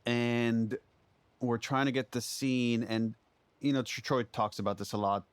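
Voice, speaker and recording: A man's voice: mid-range voice, fairly even intonation, measured pace, smooth. A man reflecting thoughtfully in an interview about how he approaches a scene.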